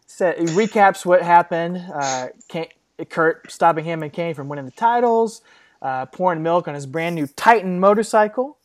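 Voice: mid-range voice, moderate pace. A podcast co-host reading out a wrestling recap in a casual, dry, matter-of-fact way.

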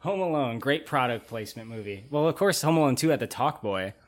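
A man's voice: medium pitch, expressive, brisk. A man in his thirties, a podcast host, chatting loosely about old movies, swearing and laughing often. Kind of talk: casual chat.

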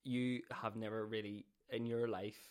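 A man with a fairly low voice chats loosely on a podcast. He rambles, restarts and swears freely. He pokes fun at himself. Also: level tone, a little slow, a little mellow, smooth. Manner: swears a lot, rambling and self-mocking. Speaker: podcast co-host. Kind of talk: casual chat.

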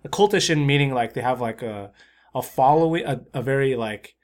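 A man's voice: medium pitch, moderate pace. A man co-hosting a casual music review chat, easygoing and hesitant, often searching for words. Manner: easygoing, hesitant, lots of fillers. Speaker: co-host reviewing music videos.

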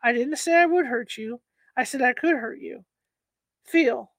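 A woman's voice: sits high, measured pace, a bit bright, dry recording. A woman reading aloud, voicing a sly adult male stranger who coaxes and threatens. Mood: menacing. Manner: sly, coaxing turning threatening. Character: menacing adult male stranger, coaxing then cruel. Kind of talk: read-aloud storytelling.

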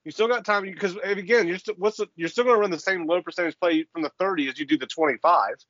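Male co-host, slightly high voice, measured analytical sports chat, dry, muffled recording. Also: fairly bright tone, no echo. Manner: measured, reasoning through points, casual profanity. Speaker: podcast co-host.

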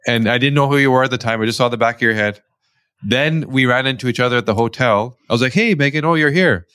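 A man from Canada, a guest, telling a family story in lively conversational style with quoted dialogue. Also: mid-range voice, quick pace, clean tone, no echo, studio quality. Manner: animated, tells stories with quoted dialogue. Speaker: guest, company founder.

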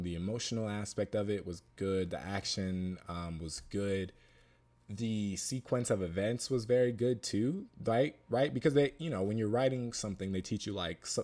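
A man with a fairly low voice talks through a movie review in a loose, chatty way. He piles up fillers and restarts, then repeats short phrases for emphasis. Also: a little mellow. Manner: rambling, lots of fillers and restarts; emphatic, repeats himself for stress. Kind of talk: casual spoken film review.

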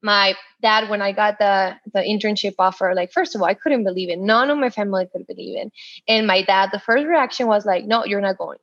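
Animated woman telling her story. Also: mid-range voice, fairly quick, no echo, lo-fi sound. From El Paso, Texas. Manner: animated, acts out voices in her story, laughs often. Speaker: guest. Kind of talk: storytelling interview.

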